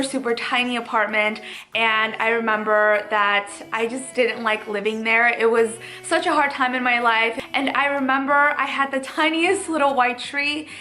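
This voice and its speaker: A woman's voice: on the high side, pushed and bright. A young woman vlogging casually, gushing and chatty as she talks to her viewers. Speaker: lifestyle vlogger. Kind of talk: casual vlog narration. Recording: faint background music.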